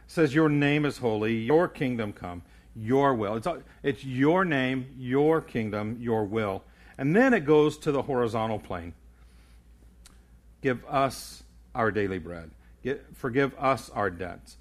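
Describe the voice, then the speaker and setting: With a middle-pitched voice and lively intonation, an older pastor delivers a sermon a little slowly, earnest and instructive. He frequently stumbles, restarts his words, and keeps going.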